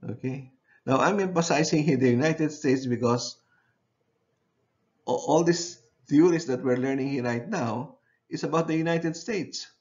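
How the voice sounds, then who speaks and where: A man giving a university lecture. He speaks haltingly, often repeats phrases and checks in with his class using "okay". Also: a little high, a little mellow, highs cut off.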